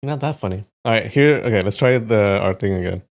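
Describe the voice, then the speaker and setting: A man's voice: fairly low pitch, fairly quick. A man hosting a casual livestream, chatting to his viewers while he types, with restarts and muttered asides. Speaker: livestream host.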